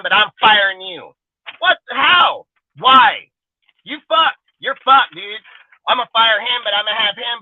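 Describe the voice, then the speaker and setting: A man rants through heated sports talk, cursing hard and circling back to the same points. His voice sits high for a man. The sound is dry and thin, like a phone line. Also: no room sound. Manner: profane, ranting, repetitive. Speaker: podcast co-host.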